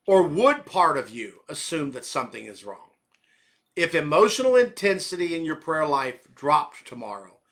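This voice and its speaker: Bright-voiced man preaching conversationally. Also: a little high. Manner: repeats and rephrases questions, direct address with "okay?". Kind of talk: conversational sermon.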